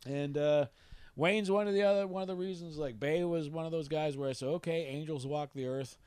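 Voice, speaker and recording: A man's voice: a little high, a little fast, darkish tone, clear, resonant tone, no echo. A man telling a story in casual chat, rambling and conversational. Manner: rambling, conversational, many restarts.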